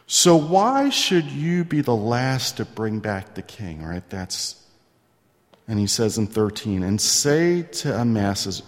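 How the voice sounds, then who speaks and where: A man preaching a sermon, slow and deliberate, his voice dropping to near whispers and then rising to loud emphasis. His words ring out with a long reverb, as in a large hall. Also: mid-range voice, expressive. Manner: preaching with dramatic swings between soft asides and loud emphasis. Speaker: pastor.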